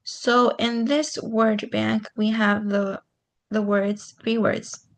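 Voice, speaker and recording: Gravelly-voiced woman teaching grammar online. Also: mid-range voice, flat delivery, takes it slowly. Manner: patient, explains step by step with many "um"s.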